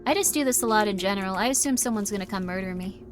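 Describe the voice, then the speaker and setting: A woman chatting and reacting while streaming a horror game live, joking along and breaking into sudden loud outbursts. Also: medium pitch, racing, a little hiss or hum.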